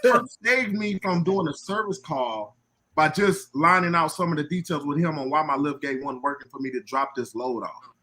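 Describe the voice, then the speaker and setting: A man on a panel about box truck work, telling lively stories and acting out what others said. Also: fairly high pitch, normal speed. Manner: animated storyteller acting out quoted dialogue. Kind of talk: casual panel talk.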